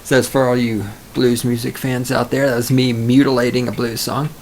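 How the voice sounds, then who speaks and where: A man's voice: medium pitch, level tone, brisk, darkish tone, slight background noise. Rambling, profane male podcast host. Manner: rambling, profane, self-mocking. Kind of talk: solo podcast monologue.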